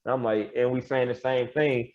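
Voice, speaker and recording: A young adult man, a pro wrestler guest on a podcast, telling his story in a loose, animated way with laughs and quoted asides. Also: medium pitch, normal speed, dull audio. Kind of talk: casual storytelling interview.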